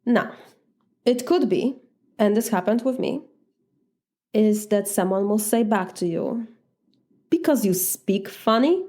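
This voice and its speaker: A woman's voice: mid-range voice, unhurried, pauses often, dark tone. A woman with a Polish accent, coaching listeners in a direct, casual talk and acting out replies. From Poland. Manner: direct, demonstrates replies aloud. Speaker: life coach.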